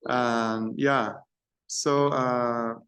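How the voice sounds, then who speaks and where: A man giving an informal lecture on film to a university class. He speaks at an ordinary middle pitch, pausing often and searching for words between his points. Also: steady tone, a bit bright.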